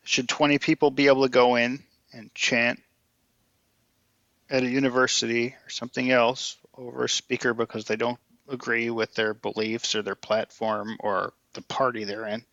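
Insistent man arguing with bright tone. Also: mid-range voice, level tone, moderate pace, no room sound, lo-fi sound. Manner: insistent, argues through analogies and rhetorical questions. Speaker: podcast co-host. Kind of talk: political debate chat.

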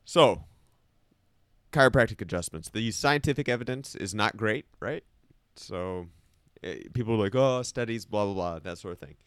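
A man with a slight lisp hosts a casual studio podcast, explaining his view at length. His voice sits low and sounds smooth and resonant. The recording is close and dry. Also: normal speed, fairly bright tone, no echo. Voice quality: slight lisp from teeth aligners. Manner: talkative, explaining at length with a skeptical slant. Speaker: podcast co-host. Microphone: studio microphone.

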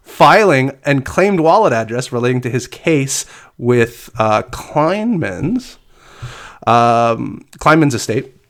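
A man's voice: medium pitch, sing-song, takes it slowly, a bit bright. A man co-hosting a casual chat, reading news items aloud with frequent "uh" fillers and easy laughter. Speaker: podcast co-host reading crypto news.

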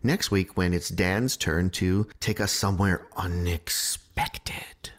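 A man co-hosting a casual podcast, an animated talker who swears freely. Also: sits low, a little slow. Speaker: podcast co-host.

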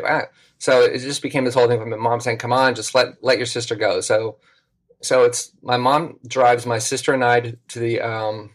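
Speaking in a mid-range voice, a middle-aged podcast guest relates a story over casual conversation. He brings it to life animatedly, performing the voices of its characters.

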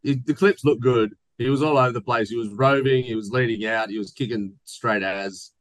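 Aussie podcast host, jokey rambling bloke, mid-pitched voice, close dry mic. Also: male voice, brisk, no echo, poor audio. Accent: Australian. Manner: rambling, joking, reads listener mail. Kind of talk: casual chat.

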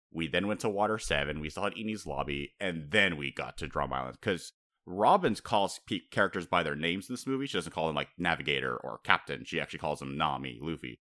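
A man's voice: low-pitched, sharp tone, dry recording, studio quality. A man co-hosting a podcast in casual chat, rambling and chatty, often laughing as he talks. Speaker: podcast co-host.

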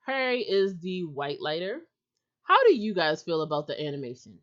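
Casual podcast co-host, woman, lowish bright voice, slightly muffled recording. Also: big pitch swings, normal speed. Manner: steers the talk with questions. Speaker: podcast co-host leading the discussion.

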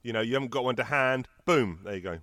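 A middle-aged man co-hosting a podcast in casual chat, jokey and animated as he tells stories. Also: mid-range voice, fast, no room sound. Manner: chatty, jokey, animated storytelling. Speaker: podcast co-host.

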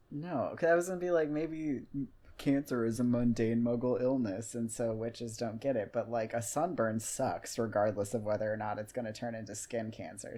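A woman's voice: extremely low pitch, warm tone. A woman hosting a casual podcast chat, ranting animatedly, swearing freely and laughing often. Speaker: podcast host.

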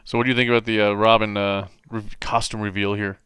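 A man's voice: lowish voice, flat delivery, quick pace, fairly bright tone, clean tone, no room sound, clean studio sound. A man in casual chat, talking hesitantly with fillers and restarts.

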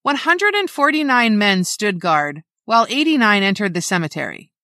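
A woman reads a scripted true-crime account with a bright, forceful tone and lively pitch. She is measured and exact as she lays out numbers and names. The sound is dry and close. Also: no room sound. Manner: measured, reads dates and figures precisely. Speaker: narrator.

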